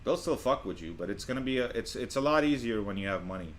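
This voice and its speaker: A man's voice: mid-range voice, animated, fast talker, a little hiss or hum. A man doing crude reaction commentary on clips, boastful and blunt, swearing freely.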